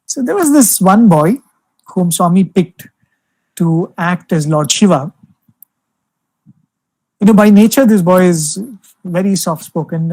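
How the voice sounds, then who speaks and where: A young man gives a devotional talk over a video call, telling stories gently with lots of "you know" fillers. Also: high voice, no room sound, rough recording. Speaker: spiritual speaker addressing alumni.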